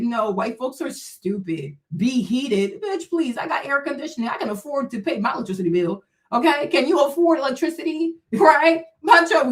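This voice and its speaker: A woman hosts a livestream in a high, sharply swooping voice. She talks in blunt, profane, confrontational bursts and mocks her listeners with short laughs. The delivery stays heated throughout. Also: expressive, moderate pace. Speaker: livestream host. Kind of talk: ranting commentary stream.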